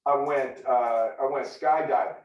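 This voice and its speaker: A man telling a long personal story to a meeting, lively and repetitive, asking "right?" a lot. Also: medium pitch, a little slow. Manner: animated, repetitive, asks "right?" often. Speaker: guest speaker. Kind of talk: storytelling talk. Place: office meeting room. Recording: echoey, distant, dull room recording.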